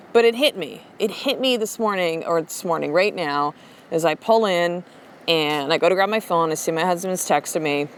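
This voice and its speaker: A woman's voice: on the low side, a little hiss or hum. A woman in her thirties, a mother hosting her show, giving a blunt, profane motivational talk. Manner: blunt, profane, fast and emphatic. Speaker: podcast host and mother. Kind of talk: motivational monologue.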